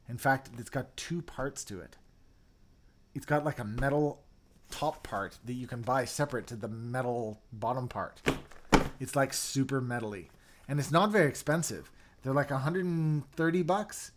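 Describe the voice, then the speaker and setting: A young man hosting a casual livestream, chatty and excitable, reading viewer comments and dropping into mumbled asides. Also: mid-range voice, normal speed. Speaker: livestream host reviewing keyboards.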